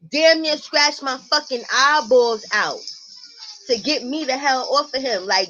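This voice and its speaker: Profane, animated New woman. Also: sits high, a little slow. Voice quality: blunt, profane, animated storyteller. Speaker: livestream host and mother. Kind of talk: casual livestream chat to viewers. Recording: muffled lo-fi stream audio.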